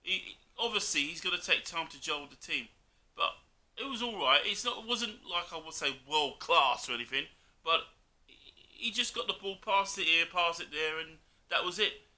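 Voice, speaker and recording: A man's voice: fairly high pitch, lively intonation, normal speed, bright, forceful tone. Blunt man calling everyone mate. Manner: blunt, argumentative, says "mate" constantly. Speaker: co-host, Liverpool fan. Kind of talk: casual football chat.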